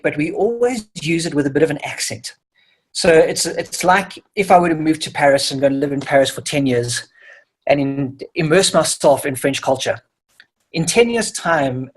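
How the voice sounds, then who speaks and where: A middle-aged man speaks over a video call, his voice slightly husky and pitched a little high. He tells his points as lively everyday stories, in the manner of a professional speaker giving a webinar. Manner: storytelling, lively examples. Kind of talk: webinar talk.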